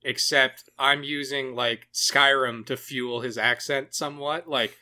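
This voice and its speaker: A man hosting a casual podcast, animated and joking, swearing freely. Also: mid-range voice, a little slow. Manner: animated, profane, jokey. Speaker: podcast host.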